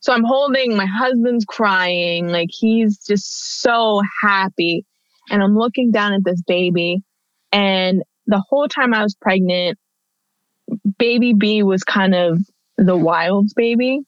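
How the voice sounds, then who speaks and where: Woman, 30s, interview guest, chatty storytelling, fillers and restarts, mid pitch, dry lo-fi recording. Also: slow pace, no room sound. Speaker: guest telling her birth story. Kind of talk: conversational storytelling. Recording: dull, dry lo-fi audio.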